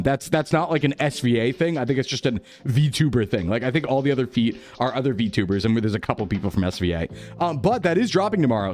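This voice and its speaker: A man's voice: mid-range voice, a little mellow. A young man chatting casually on a live stream, rambling, reading chat aloud and laughing often. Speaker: VTuber streamer.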